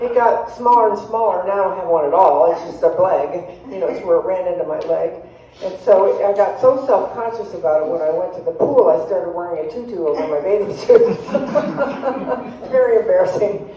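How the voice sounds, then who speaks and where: A woman's voice: fairly low pitch, expressive, moderate pace, a crowd in the background. A woman comedian telling chatty, self-deprecating stories to a live audience, laughing at her own jokes. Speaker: guest comedian. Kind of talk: comedic storytelling. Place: church hall with live audience. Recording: echoey hall, distant mic, faint noise.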